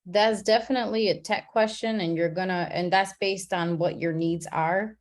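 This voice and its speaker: A woman leading an online class on a video call, talking in a relaxed, chatty way and laughing at her own slips. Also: fairly low pitch, normal speed. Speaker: class facilitator.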